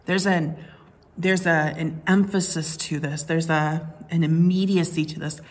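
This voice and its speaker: A woman pastor gives a sermon in a relaxed, conversational tone. Her voice sits a little low, and she speaks at an unhurried pace. She often pauses on fillers and restarts her sentences as she explains.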